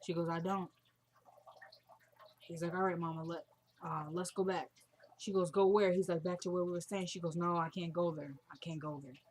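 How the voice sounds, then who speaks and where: A woman's voice: lowish voice, steady tone, normal speed, pauses often, darkish tone, a little hiss or hum. A woman casually retelling a TV episode scene by scene, quoting each character's lines in her own voice. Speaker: TV show recapper.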